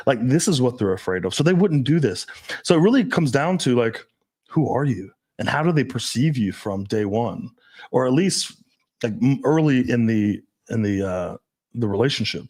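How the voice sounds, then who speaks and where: Young man, podcast host, dating coach, animated, swears, acts out quotes, lively pitch. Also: normal speed. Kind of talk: casual podcast chat.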